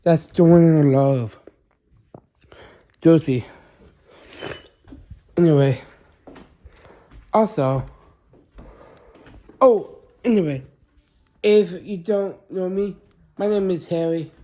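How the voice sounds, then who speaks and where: A man's voice: a little high, extremely slow, pauses often, warm tone. A man talking casually to camera as a vlogger, rambling and often restarting and correcting himself mid-sentence. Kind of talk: casual vlog chat to camera.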